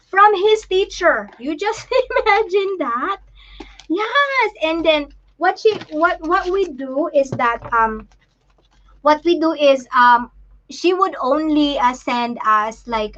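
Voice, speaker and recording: A woman hosting a casual live chat, talking in a halting, emotional way with many restarts while she shows things to the camera. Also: very high voice, expressive, a bit bright, dull audio. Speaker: livestream host and parent.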